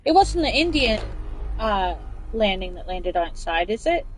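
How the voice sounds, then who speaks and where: A woman's voice: medium pitch, very animated, normal speed, slight background noise, low-quality recording. A woman hosting a casual chat show, reading news aloud and rambling off on tangents with giggles. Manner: rambling, giggly, talks over herself. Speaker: podcast host.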